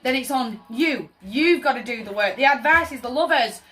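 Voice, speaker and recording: A woman's voice: high-pitched, expressive, moderate pace, sharp tone, soft background music. A woman giving a casual tarot reading, chatty and emphatic, often checking in with her listener. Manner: chatty, emphatic, often asks "does that make sense?". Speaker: tarot reader.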